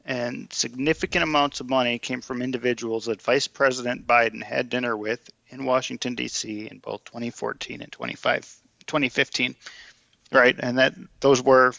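A man's voice: medium pitch, fairly even intonation, normal speed, creaky, pushed and bright, no echo, lo-fi sound. A man co-hosting a casual political podcast, laying out a list of facts with hesitant restarts. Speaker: podcast co-host.

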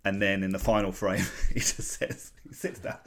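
This is a chatty man with a very deep voice, co-hosting a relaxed podcast about comic strips. He giggles often and leans on fillers as he talks things through. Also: moderate pace, gravelly. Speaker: podcast co-host.

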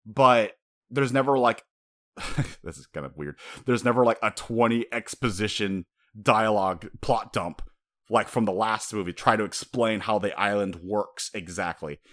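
A man with a fairly low voice talks through an animated film in a loose, casual review. His delivery is rambling and animated, and it is packed with "like" fillers. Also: a little slow. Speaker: podcast host reviewing an anime film.

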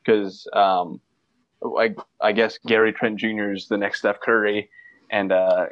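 A man's voice: lowish voice, level tone, unhurried, no room sound, lo-fi sound. A man co-hosting a casual sports podcast, rambling and joking with lots of fillers. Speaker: podcast co-host.

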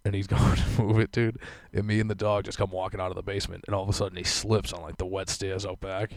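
A man's voice: sits low, flat delivery, quick pace, no room sound. A young man telling a long, rambling, profane story in casual chat, full of fillers.

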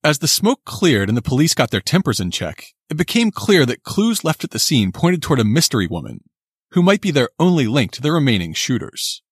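A man narrating a scripted true-crime story in a steady, suspense-building way. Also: mid-range voice, brisk, breathy edge, no echo, studio quality.

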